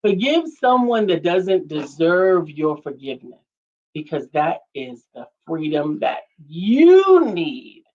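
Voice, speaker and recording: A woman's voice: lowish voice, sing-song, slow pace, darkish tone. A woman co-hosting a casual faith-based talk show, earnest and preacherly, reading out viewer comments. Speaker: co-host, coach. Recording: dull lo-fi audio.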